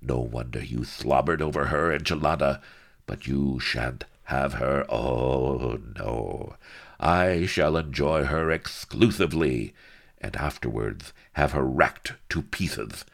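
A man voicing a mad, obese tyrant viceroy who lisps and hisses, cruel and prone to shrill screams, in an audiobook. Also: slow, creaky, full character voice. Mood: gloating menace. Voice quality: lisping, hissing, sibilant. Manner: sadistic, swings to shrill screams. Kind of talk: audiobook character voice.

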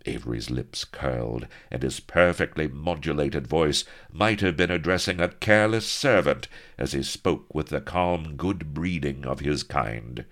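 Very deep-voiced man narrating a story. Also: a little slow, few pauses, fairly bright tone. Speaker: audiobook narrator.

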